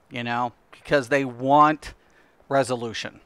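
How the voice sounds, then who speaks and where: A middle-aged man chats loosely while he plays a game on stream, trailing off and filling gaps with "you know" and "um." His voice is smooth and clear. The sound is dry and close. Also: mid-range voice, steady tone, measured pace, a bit bright, dry recording. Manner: rambling, many fillers like "you know". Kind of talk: casual chat while gaming on stream.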